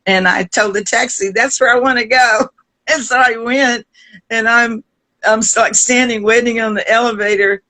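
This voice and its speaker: An older woman with a Southern US accent, a guest singer telling stories in an interview, lively and often laughing, with restarts. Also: fairly high pitch, normal speed, rough recording. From American South. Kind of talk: storytelling in a conversation.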